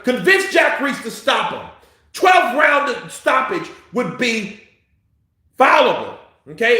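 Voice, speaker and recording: A man giving profane, heated live commentary on a boxing fight, a little tipsy, swinging between muttering and shouting. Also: sits high, heavy reverb.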